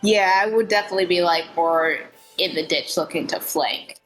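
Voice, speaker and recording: A woman playing in a tabletop game, chatting casually in quick bursts. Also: on the low side, fairly bright tone, soft background music, low-quality recording. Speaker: player.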